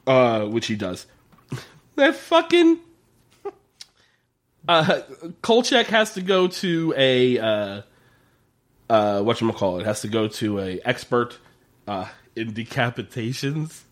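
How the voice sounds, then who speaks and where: A man's voice: mid-range voice, animated, slow. A man in casual podcast chat, recapping a TV episode with lots of swearing and laughter, acting out the characters' lines. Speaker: podcast co-host.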